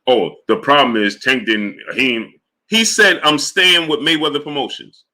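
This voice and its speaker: A man hosting a sports livestream, talking fast and exasperated, firing rhetorical questions and greeting chatters in a low mutter. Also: sharp tone. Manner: exasperated, rhetorical, repeats himself. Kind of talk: live stream commentary, reading chat.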